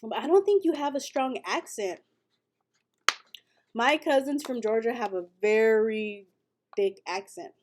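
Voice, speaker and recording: A woman's voice: a little high, expressive, a little slow, pauses often, background noise. Chatty Texan woman on a late-night livestream. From West Texas. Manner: chatty, reads viewer comments aloud, storytelling. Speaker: livestream host.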